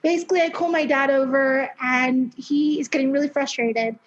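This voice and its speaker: A young woman with a high voice talks as a podcast guest, in a loose, chatty way full of fillers and blunt swearing. The sound is dull and lo-fi. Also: steady tone, normal speed, slight background noise. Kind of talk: casual interview storytelling.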